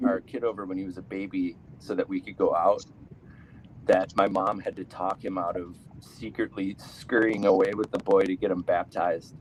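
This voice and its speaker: A man's voice: on the low side, a little hiss or hum, low-quality recording. A man, doing a rambling live stand-up set, cutting himself off and laughing at his own jokes. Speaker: stand-up comedian.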